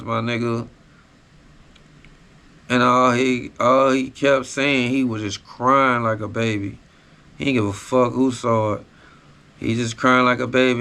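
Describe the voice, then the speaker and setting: A man's voice: mid-range voice, pushed and bright, clean tone. A man hosting a podcast, telling a personal story in a raw, profane, casual street style. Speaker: podcast host.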